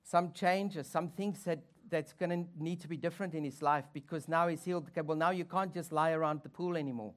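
A pastor delivers a sermon with wry humor and playful asides. The voice rises loud and high to drive points home, then sinks low and quiet for reflection. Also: fairly even intonation, fairly quick, few pauses.

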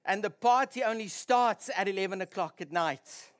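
A pastor preaching a sermon in church, restarting sentences now and then and sounding tired after little sleep. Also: male voice, sits high, normal speed. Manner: warm-up chat before preaching, restarts mid-sentence. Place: church hall.

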